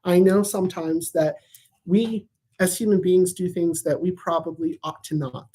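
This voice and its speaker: A man's voice: high-pitched, fairly even intonation, moderate pace, warm tone. A man hosting a casual comedic positive-news recap, rambling and jokey. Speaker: host of a weekly positive news show. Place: at home in Tulsa.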